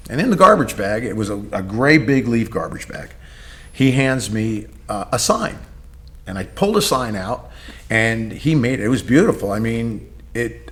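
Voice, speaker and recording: A man, a gym owner and coach, telling a long story in a podcast interview, acting out quoted dialogue with many pauses on "uh.". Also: on the low side.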